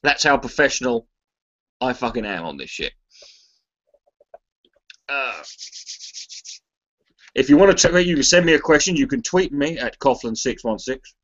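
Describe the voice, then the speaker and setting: A man's voice: medium pitch, expressive, moderate pace, pauses often, fairly bright tone. An Englishman chatting casually to a live stream audience, rambling, restarting his sentences and swearing freely. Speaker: charity livestream contributor. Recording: slightly muffled lo-fi stream audio.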